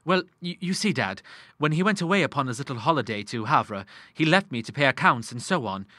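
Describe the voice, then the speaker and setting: Man doing a young son, hesitant, apologetic, bright, dry. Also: mid-range voice, animated, fairly quick, no echo.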